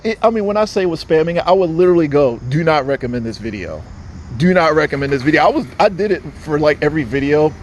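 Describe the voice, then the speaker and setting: Agitated, lively-pitched male vlogger. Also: a little hiss or hum. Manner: agitated, profane, repetitive. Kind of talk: casual rambling monologue.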